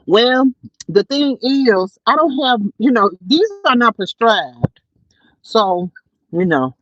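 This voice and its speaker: A woman hosting a casual livestream from her car, chatting and telling stories to viewers in an animated way. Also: on the high side, slow pace, highs cut off. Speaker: livestream host. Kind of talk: casual livestream chat while driving. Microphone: phone.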